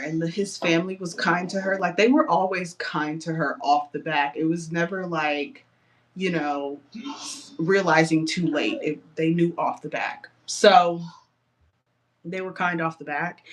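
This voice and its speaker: A young woman casually retelling a story on a livestream, chatty and animated, with playful outrage, painting her nails as she talks. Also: fairly low pitch, a little hiss or hum.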